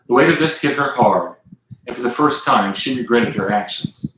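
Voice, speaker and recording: A man's voice: mid-range voice, normal speed, heavy reverb, slight background noise, poor audio. A man with a Southern US accent reading aloud from his own book on a live stream, now and then stopping to chat with viewers. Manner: lively reader who stops to chat with viewers.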